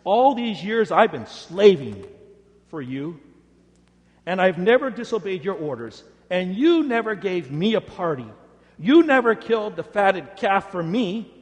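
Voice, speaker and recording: A man voicing a resentful elder son, complaining loudly and slowly in a big echoing hall. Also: high voice, sing-song, pitched above the performer's own voice. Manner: loud, slow, aggrieved complaining.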